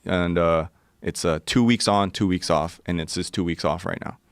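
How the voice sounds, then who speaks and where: Deep-voiced guy in his 40s telling a crude story, swears a lot, dry close sound. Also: fairly even intonation, normal speed, creaky, smooth, dry recording. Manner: profane, vivid storytelling. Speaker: podcast guest. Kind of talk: casual storytelling.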